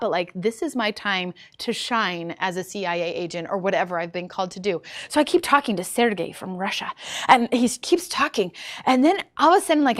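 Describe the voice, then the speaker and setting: A woman teaching a hosting lesson in a casual, animated storytelling way, chatty and full of fillers and restarts. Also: mid-range voice. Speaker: instructor teaching short-term rental hosting.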